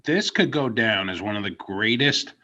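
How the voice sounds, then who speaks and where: A man's voice: fairly low pitch, expressive, moderate pace, sharp tone. Wry sarcastic man on slightly dull audio. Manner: wry, sarcastic, frequent laughter. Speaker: wrestling podcast co-host. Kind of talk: casual chat.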